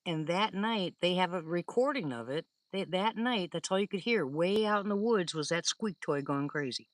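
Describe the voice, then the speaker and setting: A woman's voice: fairly low pitch, animated, moderate pace, dry recording. An older woman hosting a live stream, rambling through stories in casual chat with her viewers, laughing often. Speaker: livestream host.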